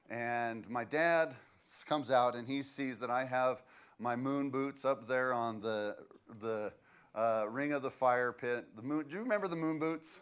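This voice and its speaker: Conversational pastor, storytelling. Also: male voice, mid-range voice, measured pace, fairly bright tone, clean tone. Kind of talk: sermon.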